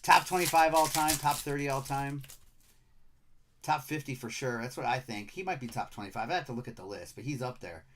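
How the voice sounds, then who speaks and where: A man's voice: mid-range voice, brisk. A middle-aged man from Michigan with a Michigan accent, hosting a live card-break stream in upbeat, chatty patter, rattling off player names. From Michigan, USA.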